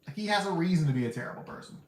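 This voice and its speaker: A man hosting a podcast, giving casual, candid movie reviews in a rambling way and laughing often. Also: sits high. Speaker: podcast host reviewing films. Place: seated indoors. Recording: roomy echo, faint background hum.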